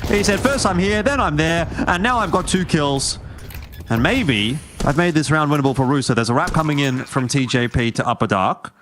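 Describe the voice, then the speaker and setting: Excitable male esports play-by-play caster. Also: normal speed, a little hiss or hum. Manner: excitable, pitch jumps on big plays. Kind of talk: play-by-play commentary.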